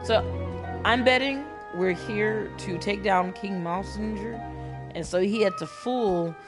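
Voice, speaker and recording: A woman's voice: mid-range voice, slow. A woman hosting a gaming channel, chatting casually and swearing while she plays and reads game lines aloud. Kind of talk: casual gameplay commentary. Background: game music.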